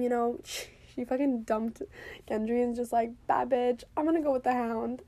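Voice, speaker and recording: High, mellow-voiced woman chatting casually. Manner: animated, swears freely, fillers like "like". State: drinking while talking. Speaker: TV episode reviewer. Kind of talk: casual chat.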